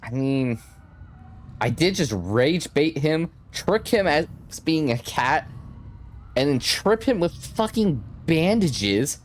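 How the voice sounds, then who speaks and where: A man narrating a video game as he plays it, his pitch rising and dropping widely between lines. He reads the story text with drama, then cuts in with crude, joking comments of his own. A faint hum of ambience sits under his voice. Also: very animated, slow pace. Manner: dramatic reading broken by profane joking asides. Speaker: gaming creator. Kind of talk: gameplay commentary, reading story text aloud.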